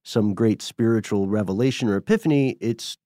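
A man co-hosting a casual podcast chat, calmly explaining and steering the topic. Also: on the low side, a little fast, no room sound, clean studio sound. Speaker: podcast co-host.

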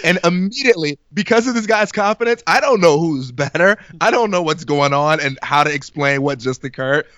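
A young man in his twenties telling an animated, laugh-filled story in casual podcast chat. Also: a little high, brisk, few pauses, no echo, highs cut off.

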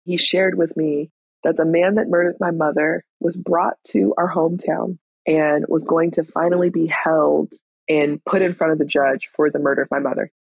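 Gravelly, husky woman in her thirties. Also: sits low, fairly even intonation, moderate pace, no echo, muffled recording. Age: 30s. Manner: frank, candid, blunt with swearing. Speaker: storyteller. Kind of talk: personal storytelling.

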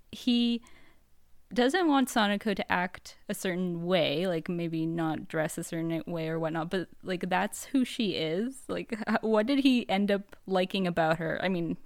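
A woman's voice: fairly low pitch, normal speed, a little mellow, dry recording, clean studio sound. A woman co-hosting a podcast, chatty and rambling with lots of fillers. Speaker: podcast co-host. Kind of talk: casual podcast discussion.

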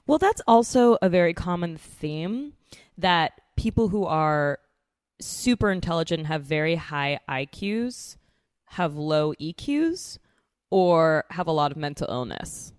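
A woman's voice: low-pitched, lively intonation, a little slow, clean tone, no echo, studio quality. A young adult woman from New York City co-hosting a podcast, chatting casually and joking with frequent restarts. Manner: chatty, jokey, prone to restarts. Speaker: podcast co-host. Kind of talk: casual chat.

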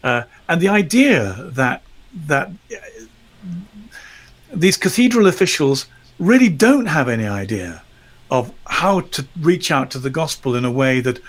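A man's voice: a little high, very animated, unhurried, pauses often. A middle-aged man, a lecturer, telling stories in a discussion in an articulate, wry way. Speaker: discussion guest, lecturer in psychology of religion. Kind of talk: storytelling in discussion.

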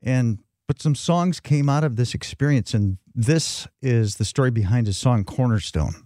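Man, radio co-host, mellow tone, dry close studio sound, thoughtful. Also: medium pitch, moderate pace, no echo. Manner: thoughtful, conversational. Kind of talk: radio hosting. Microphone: studio microphone.

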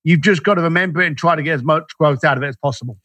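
A man's voice: a little high, very fast, sharp tone, no room sound. A man, a guest in an interview, telling stories animatedly and acting out the dialogue he quotes. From Irish, raised in East London. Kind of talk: storytelling interview talk.

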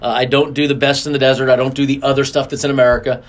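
In a relaxed interview, a middle-aged man who races cars tells lively stories, voicing quotes with big leaps in pitch. He speaks at medium pitch and races through his words.

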